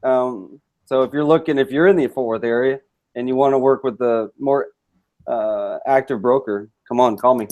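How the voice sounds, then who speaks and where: A man who is a real estate broker, talking as a podcast guest in a low-key, dry way. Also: moderate pace, a little mellow. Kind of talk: casual interview.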